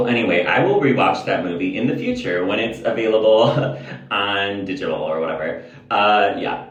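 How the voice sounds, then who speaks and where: An American man chats to the camera in a candid, rambling vlog, swearing freely. His fairly low voice is expressive and moderately paced, and the recording sounds roomy, with the mic at a distance.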